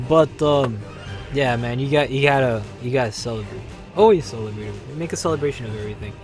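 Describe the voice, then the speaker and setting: A man's voice: medium pitch, fast, a little mellow, soft background music. A man hosting a casual gaming livestream, chatting upbeat with viewers while he plays. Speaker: livestream host.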